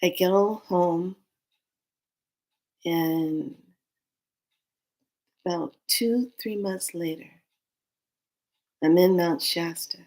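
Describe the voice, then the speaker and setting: A woman's voice: fairly low pitch, extremely slow, long pauses, darkish tone, poor audio. A woman telling an emotional personal spiritual story, earnest and speaking directly to her listeners.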